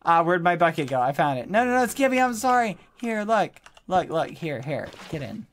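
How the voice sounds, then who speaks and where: A man live-streaming a game, talking in a pleading, apologetic way with loud exclamations. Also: sits high, big pitch swings, moderate pace, hardly any pauses. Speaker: gaming streamer. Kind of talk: live-streamed gameplay chat.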